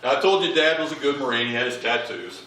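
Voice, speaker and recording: A man delivers a funny eulogy for his father, acting out the lines of each story. His voice is bright and forceful. It rings through a big echoey hall, heard from well back from the mic. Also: medium pitch, quick pace, distant mic. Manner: animated comic anecdotes, acting out quoted lines. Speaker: eulogist, child of the deceased. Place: large memorial service hall.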